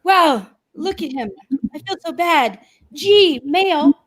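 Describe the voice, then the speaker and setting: A woman's voice: high-pitched, lively intonation, takes it slowly, poor audio. A woman hosting an online improv game over a video call, chatty and self-deprecating.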